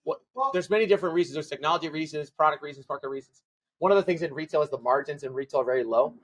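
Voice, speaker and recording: A man, a tech company CEO, telling stories as a guest in a casual podcast interview, acting out quoted dialogue with quick, run-on phrasing. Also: a little high, a little hiss or hum, rough recording. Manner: fast, run-on phrasing with restarts.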